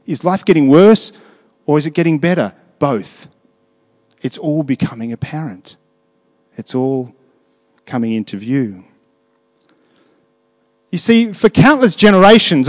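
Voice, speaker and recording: A man with a somewhat high voice delivers a sermon, his words trailing into a long hall reverb. He shifts from quiet, reflective phrases to raised, emphatic passages and talks to the congregation as if in conversation. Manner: swings between hushed reflection and raised, emphatic preaching; conversational, asks the congregation questions. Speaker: preacher.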